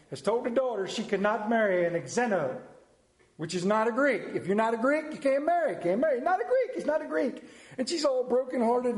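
A high-voiced male preacher giving a Mother's Day sermon. He is folksy and self-mocking, and tells jokes in a storytelling way. His voice rings through a roomy hall. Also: darkish tone.

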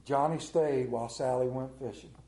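A man preaching a sermon, telling stories in a folksy way and dropping to a hush for quoted lines. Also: medium pitch, steady tone, moderate pace, roomy sound. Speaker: pastor. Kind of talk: storytelling sermon.

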